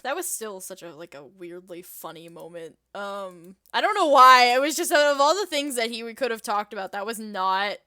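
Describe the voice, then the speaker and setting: Young female co-host, rambling and giggly, smooth higher voice. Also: animated, normal speed, few pauses, bright, forceful tone, no room sound, studio quality. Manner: giggly, rambling with many ums. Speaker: podcast co-host. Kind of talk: casual chat.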